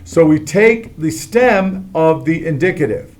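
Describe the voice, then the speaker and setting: A man's voice: a little high, lively intonation, a little slow, a little mellow. A middle-aged man teaching a Latin grammar lesson, explaining each form step by step and often checking in with "all right?".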